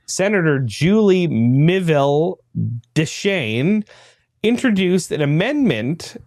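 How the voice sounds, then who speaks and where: A man's voice: fairly high pitch, no room sound. A man hosting a podcast, reading a news article aloud and breaking off for dry, laughing asides. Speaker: podcast host.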